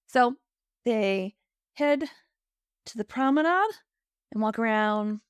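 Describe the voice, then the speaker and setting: Recapping an episode on her podcast, this co-host talks slowly and animatedly in a slightly high, clear, resonant voice, performing the characters' quoted lines. It's studio quality with no echo.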